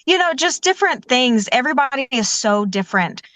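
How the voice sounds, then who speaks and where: A woman's voice: sits high, expressive, a little fast, no room sound. Enthusiastic woman telling stories, dry sound. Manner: enthusiastic, warm storytelling with many "you know"s. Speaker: professional organizer, guest. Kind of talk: conversational interview answers.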